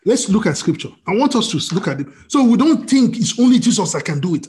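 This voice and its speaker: A man preaching a sermon as pastor, animated, quizzing his listeners with questions and answering them himself. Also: high voice, fast talker, hardly any pauses. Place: church service streamed on video call.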